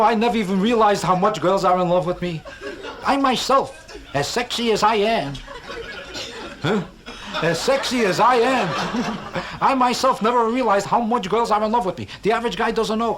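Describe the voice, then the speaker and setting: A man's voice: a little high, fairly bright tone. A man doing a stand-up comedy routine, talking in a sing-song way, firing rhetorical questions at the audience and making boastful, self-mocking jokes. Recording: live club album with audience laughter and vintage background hiss. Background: audience laughter.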